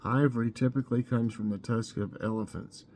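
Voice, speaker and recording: A man with a mellow, relaxed voice hosts a laid-back trivia segment. He mulls over each question aloud, drawing out the choices before reading the answer. His tone is chatty and unhurried. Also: medium pitch, slight background noise. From Tennessee. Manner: chatty and musing, drawls out answer options. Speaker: vlogger hosting trivia.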